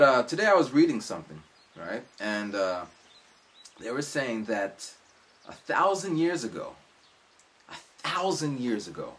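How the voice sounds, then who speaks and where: A man in his forties talking casually to his viewers, rambling and storytelling as he acts out the people he quotes. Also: on the low side. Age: 40s. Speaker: vlogger. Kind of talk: casual vlog monologue.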